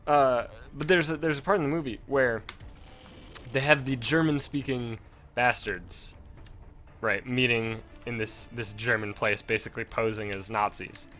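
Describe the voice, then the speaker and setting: A man's voice: medium pitch, measured pace, fairly bright tone. A young man chatting casually while he plays a game, rambling with lots of fillers and restarts, close to a desk mic. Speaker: gaming streamer. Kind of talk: casual commentary while playing.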